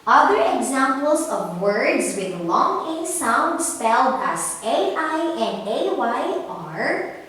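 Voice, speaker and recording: Slow, sing-song teacher in an echoey room. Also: female voice, high-pitched, big pitch swings, a bit bright. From Philippines. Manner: slow, sounding out letters, coaxing kids to repeat. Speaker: primary school teacher. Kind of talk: phonics lesson for young children.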